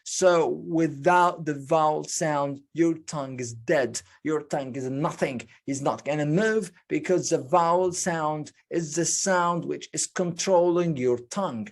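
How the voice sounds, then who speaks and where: A teacher leads an online pronunciation lesson at a very unhurried pace, in a mid-range voice. Each sound is repeated and drilled carefully, and explanations come step by step, framed by questions the teacher asks and then answers. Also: mid-range voice. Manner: slow and deliberate, drilling sounds with many repetitions. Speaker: English speaking teacher.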